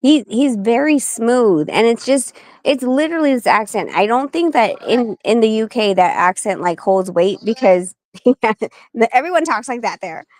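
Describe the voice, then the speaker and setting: A woman's voice: fairly high pitch, animated, darkish tone, no room sound. Blunt woman swearing in casual chat. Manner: blunt, swears freely, tells stories quickly. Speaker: guest. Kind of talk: casual talk-show chat.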